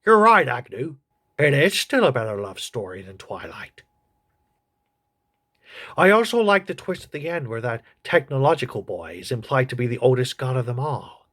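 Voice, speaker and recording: A man voicing a crude, gossipy old male politician who reviews a TV show in a comedy sketch, with a husky voice. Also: medium pitch, very animated, normal speed, fairly bright tone. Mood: snarky.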